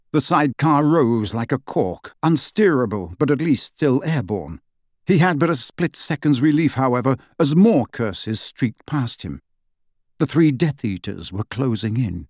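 A man narrating an audiobook with dramatic, lively storytelling of an action scene. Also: medium pitch, no echo, clean studio sound.

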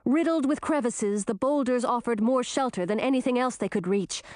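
Woman reading a kids fantasy story, a bit high, dry close mic. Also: moderate pace, no echo. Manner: expressive, dramatic storytelling. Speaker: narrator. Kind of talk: audiobook narration.

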